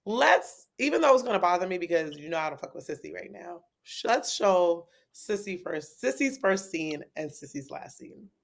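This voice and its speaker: A woman co-hosting a casual livestream chat, animated and quick to laugh, swinging between loud and soft. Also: on the low side, vocal fry. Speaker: co-host.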